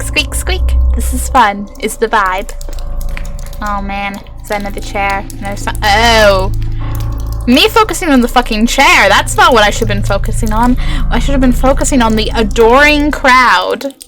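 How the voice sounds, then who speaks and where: A woman's voice: a little high, pushed and bright. A woman streaming a horror game live, chatting to her viewers in a chatty, self-mocking way, swearing and joking.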